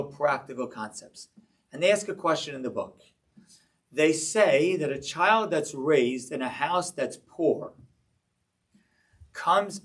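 A man giving a sermon-style Torah class, telling stories with animated delivery and acting out voices in them. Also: fairly high pitch, distant mic. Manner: animated storyteller, acting out a child's voice. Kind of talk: sermon with storytelling.

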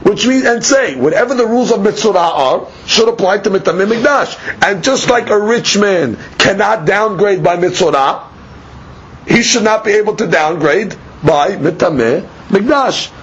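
A man's voice: high-pitched, lively intonation, normal speed, fairly bright tone, husky, muffled recording. A man giving a daily Talmud lecture, explaining each step by asking and answering his own questions. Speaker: Talmud teacher.

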